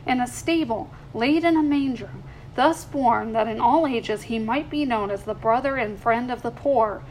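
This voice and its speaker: A woman voicing a kind middle-aged aunt who speaks in a tone of gentle seriousness. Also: fairly high pitch, a little hiss or hum, lightly acted, low-quality recording. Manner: measured, gently moralizing.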